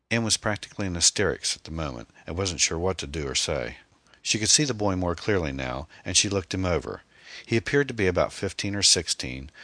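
A man narrating a novel in steady, scripted audiobook style. His voice is extremely low, yet bright and forceful in tone. It is recorded close and dry, with no room sound. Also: no room sound.

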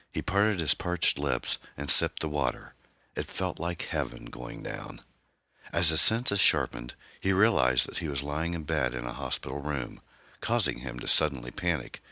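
A man with an extremely deep voice reads his own novel as an audiobook. His delivery is unhurried and measured, with lots of rise and fall in the pitch. The tone is bright and the sound is close and dry. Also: dry recording. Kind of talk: scripted audiobook narration.

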